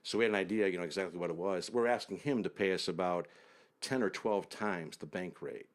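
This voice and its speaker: A man, guesting on an interview, works slowly through a long account of his travels, lingering on specifics and regularly tapering off into a low register.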